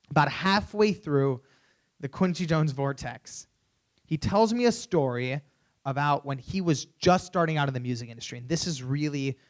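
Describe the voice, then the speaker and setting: Young male keynote speaker, animated storyteller, slightly high voice, stage mic. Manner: animated storyteller, frequent "you know". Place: conference stage at a hotel.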